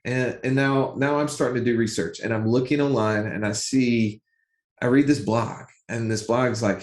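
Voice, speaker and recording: Animated man telling a story, roomy sound. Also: medium pitch, moderate pace. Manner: animated, repeats himself, acts out quotes. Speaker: podcast co-host. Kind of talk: casual storytelling chat.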